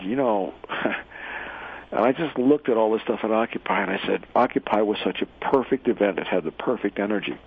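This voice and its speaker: A man telling a parable and then speaking his mind, halting, often repeating words and using fillers. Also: fairly low pitch, vocal fry, breathy edge. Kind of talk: monologue commentary with a parable. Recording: tinny phone-like radio sound.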